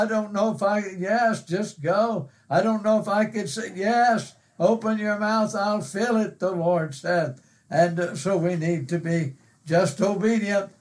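Fervent high-voiced preacher man. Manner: fervent, repeats phrases, rising to cries. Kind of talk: sermon.

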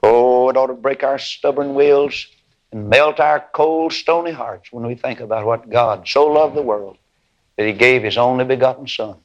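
A man preaches a sermon, spinning a folksy story and acting out its characters' voices before building to high, loud, drawn-out climaxes. The audio is dull.

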